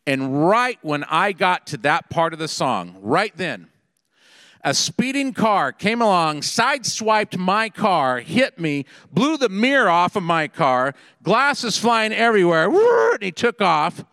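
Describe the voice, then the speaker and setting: A middle-aged man preaching a sermon, telling a personal story in an animated, conversational way. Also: sits high, takes it slowly, no echo, in a large hall. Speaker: pastor. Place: Seattle area.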